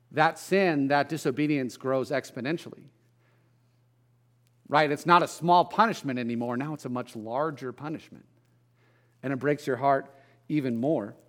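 A middle-aged pastor preaching in a conversational way, mixing scripture with folksy family stories and self-deprecating asides. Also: male voice, on the high side, moderate pace, pauses often, fairly bright tone. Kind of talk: conversational sermon.

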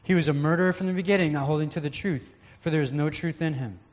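A man's voice: on the high side, quick pace. A man preaching a conversational, earnest sermon as a pastor. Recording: long hall reverb.

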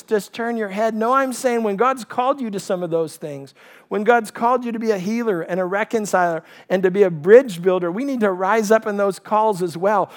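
A man preaching a sermon to a congregation, impassioned, with emphasis that rises and falls. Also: sits high. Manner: impassioned, rising and falling emphasis. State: out of breath at times. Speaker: pastor.

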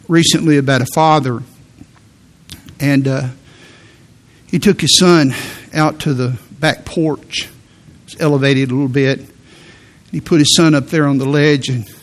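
A middle-aged male pastor preaching a sermon in an earnest, emphatic way, with sudden rises for emphasis. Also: mid-range voice.

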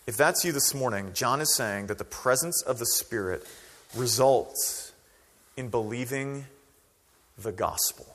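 A man preaching a sermon as pastor, conversational and animated, acting out quoted voices. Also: medium pitch, long reverb tail.

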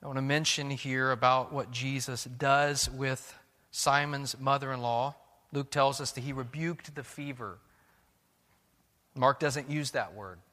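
A man's voice: mid-range voice, steady tone, a little slow, bright, forceful tone, big-room sound. A man preaching a sermon as pastor, earnest and questioning, often restarting his words.

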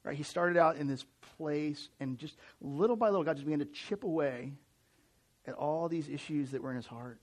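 Here a US pastor in his forties gives a sermon at a moderate pace, his voice leaning high. He talks to the church in an animated, conversational manner and keeps restarting sentences.

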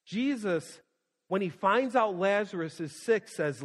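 Male pastor, slightly high voice, impassioned sermon delivery with loud-to-hushed swings, long reverb. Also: moderate pace. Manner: repeats phrases for emphasis.

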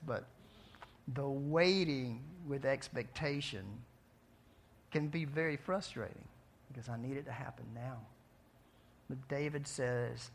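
A man preaching a sermon in a conversational way, asking his listeners questions and swinging between soft, quiet passages and emphatic outbursts. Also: medium pitch, unhurried, long pauses, slight background noise. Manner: conversational, asks the audience questions. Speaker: pastor.

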